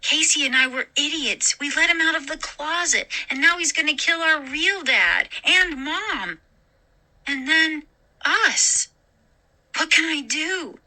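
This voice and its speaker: A woman voicing a frightened young girl who shouts desperately while holding an axe. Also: high voice, lively intonation, slow pace, voice pushed up, exaggerated voice. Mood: panicked.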